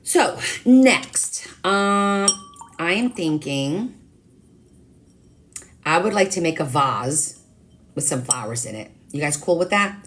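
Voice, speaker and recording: Low-voiced chatty woman painting live. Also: expressive, slow, long pauses, a little hiss or hum. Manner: chatty, self-teasing, thinks aloud while painting. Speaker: live-stream craft host. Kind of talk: casual live watercolor painting chat.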